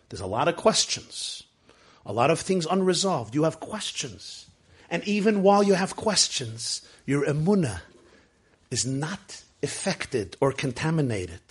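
High-voiced man teaching a Torah class. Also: slightly rough. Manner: emphatic, with many rhetorical questions; swings between hushed, slow lines and loud, driving ones. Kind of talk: Torah class talk to listeners.

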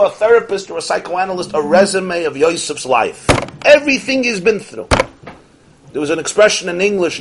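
A man teaching a Torah class, animated, posing rhetorical questions and swinging from soft asides to emphatic peaks. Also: high voice, a little fast, background noise. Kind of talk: Torah lecture to an audience.

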